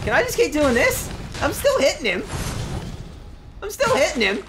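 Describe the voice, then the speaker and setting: A woman's voice: high voice, very animated, normal speed. A woman giving casual let's-play commentary, jumpy and profane, with frequent swearing and sudden outbursts. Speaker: gaming streamer. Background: game music.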